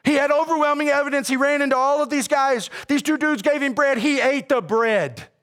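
A man preaching a sermon as a pastor, casual and animated, with slang. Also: extremely high pitch, fairly quick.

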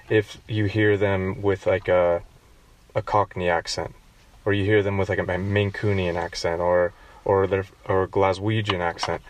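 A man's voice: sits low, a little hiss or hum. A man with a general American accent hosting a casual interview, asking leading questions and steering the talk. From United States. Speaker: podcast host.

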